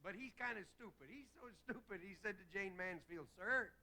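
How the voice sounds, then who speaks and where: A man delivering a stand-up comedy monologue as host, telling rapid jokes and slipping into quick character voices. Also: high voice, animated. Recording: hissy old 1960s television broadcast.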